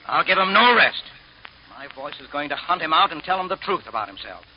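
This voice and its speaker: An actor playing a determined, crusading newspaper editor who speaks earnestly and with indignant force in an old radio drama. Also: male voice, fairly high pitch, big pitch swings, brisk. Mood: resolute. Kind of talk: 1950s radio drama acting. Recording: dull lo-fi old radio broadcast, faint hiss.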